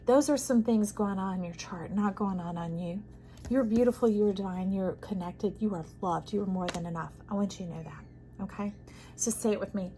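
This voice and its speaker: A woman giving an intuitive tarot reading to camera. She talks soothingly, calls the listener "friend", and moves between soft hushes and emphatic bursts. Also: mid-range voice, moderate pace, a little hiss or hum, poor audio. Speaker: tarot reader.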